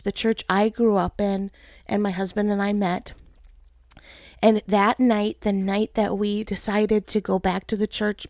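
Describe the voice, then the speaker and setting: A woman's voice: medium pitch, darkish tone, no room sound, studio quality. A woman in her thirties giving an earnest, emotional sermon that draws on her own life and speaks straight to her listeners. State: tearful. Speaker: pastor's wife giving a message. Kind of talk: sermon, personal testimony.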